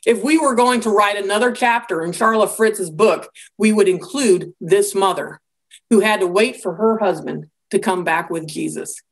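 A woman giving a conversational Bible lecture, telling the story in a lively way with casual asides. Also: medium pitch, normal speed. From American Midwest.

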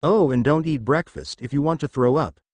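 A man's voice: fairly high pitch, moderate pace, a little mellow, no room sound, close to an everyday voice. A man voicing an aloof, offhand adult male ninja teacher in a read-aloud fan story.

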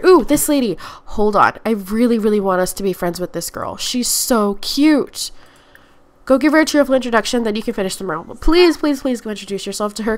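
A young woman giving chatty Let's Play commentary, talking to her game characters, her nose stuffy from allergies. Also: medium pitch. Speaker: gaming YouTuber.

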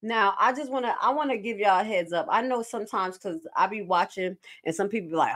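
A woman nurse giving casual, animated commentary on clips as a stream host. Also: mid-range voice, a little fast, hardly any pauses. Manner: animated, jumps to loud bursts.

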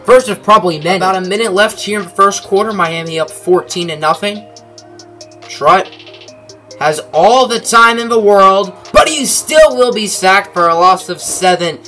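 A man's voice: sits high, moderate pace, sharp tone, faint music behind. A young man narrating a football video game in mock sportscaster play-by-play, with dry asides. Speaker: gaming commentator.

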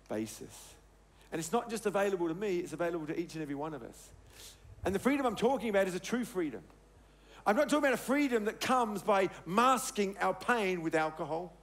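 A middle-aged man preaching a sermon as a pastor, telling a personal story with emphatic, sometimes hushed delivery. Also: sits high. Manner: emphatic, storytelling, dropping soft on key words.

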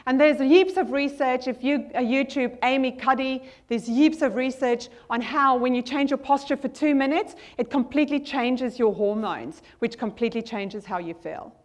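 A woman speaks high and bright, driving an energetic motivational talk. She stresses and repeats key lines and checks that her audience is following. She also leads the group through a spoken affirmation. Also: normal speed, hardly any pauses. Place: conference hall with a screen.

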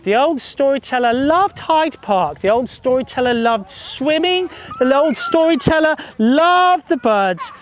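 A man telling stories to a group of children in a park, in a lively sing-song way, coaxing them to join in. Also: very high voice, measured pace, few pauses, slight background noise. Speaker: children's storyteller. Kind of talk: storytelling to children outdoors. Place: outdoors in a park.

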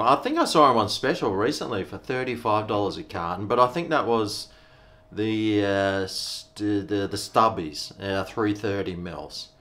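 A man's voice: fairly low pitch, fairly bright tone. Laid-back Australian man reviewing beer. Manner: laid-back and rambling, slangy. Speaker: vlogger. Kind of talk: casual beer review vlog.

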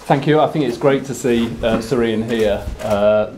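A man's voice: mid-range voice, normal speed, a little mellow, a little hiss or hum. A man speaking for the local council at a press conference, hesitant and full of fillers. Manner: hesitant, many fillers, repeats words. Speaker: council representative. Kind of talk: formal press statement.

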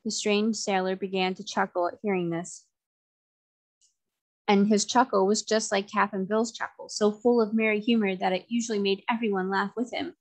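A woman narrating a children's novel in a clear, measured, expressive reading voice. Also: mid-range voice. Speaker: story reader.

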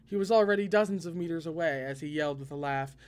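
A man reading a novel aloud expressively, now and then breaking in with excited asides. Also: on the high side, fast, clean tone. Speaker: podcast reader.

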